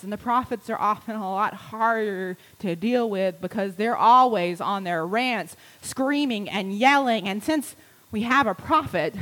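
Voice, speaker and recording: A woman pastor preaching a sermon in a church, moving between quiet, intimate repetition and emphatic rising lines. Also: mid-range voice, poor audio.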